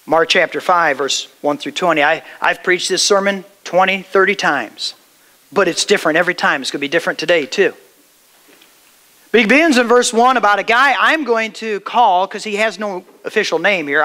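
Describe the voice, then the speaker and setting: A man pastor preaching a sermon, retelling a scripture story with dramatic storytelling and sudden drops to a hush. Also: sits high.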